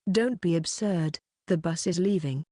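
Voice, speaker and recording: A woman voicing a deadpan teenage boy with a flat, teasing delivery. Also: fairly low pitch, unhurried, no room sound, clean studio sound.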